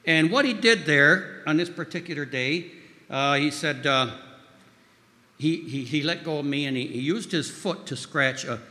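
A man's voice: on the high side, measured pace. A man giving an informal sermon with stories, rambling with frequent restarts and fillers. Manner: acts out quoted voices loudly. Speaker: speaker at a church gathering. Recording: long hall reverb.

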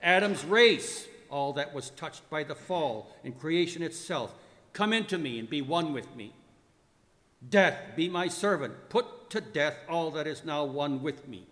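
A man acting a dying divine man who commands the unseen powers in loud, declamatory lines, with long reverb. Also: lowish voice, steady tone, slow pace, pitched below the performer's own voice. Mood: commanding.

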